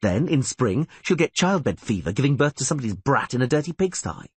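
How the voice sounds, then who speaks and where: A man voicing a sharp-tongued, protective young outlaw with a scornful, heated way of talking. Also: mid-range voice, very animated, a little fast, slightly rough, no room sound, voice pushed up.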